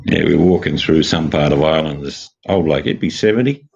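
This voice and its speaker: An Australian man drifts through deadpan tall tales and jokes in casual chat. His voice is very low, gravelly and husky. The recording sounds dull and lo-fi. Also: fairly quick. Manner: joking, meandering, deadpan storytelling.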